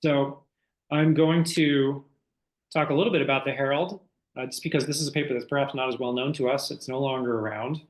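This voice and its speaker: A man's voice: mid-range voice, steady tone, a little fast, echoey room, poor audio. A man, an author, giving a conversational online book talk, telling history as a story with frequent fillers.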